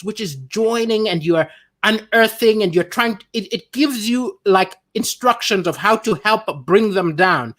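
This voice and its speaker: A male comedian hosts a casual livestream from home, reading viewer comments aloud and riffing on them. His delivery is animated and playful, and his voice jumps up in pitch for emphasis. It sounds like a webcam or phone mic in an indoor room.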